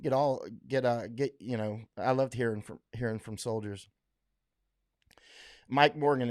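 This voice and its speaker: A man's voice: medium pitch, normal speed. Rambling middle-aged man from Florida. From Florida, USA. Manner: rambling, many fillers and restarts; blunt, emphatic, laughs often. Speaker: livestream host reading viewer comments. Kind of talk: casual rambling livestream chat.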